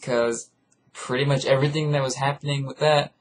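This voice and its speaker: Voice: mid-range voice, steady tone, fairly quick. An anime reviewer ranting casually in a rambling, profane, exasperated way.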